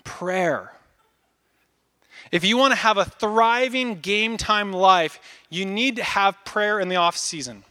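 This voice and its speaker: A man in his thirties preaching a casual, animated sermon, acting out little asides as he goes. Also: high voice, takes it slowly. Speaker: pastor.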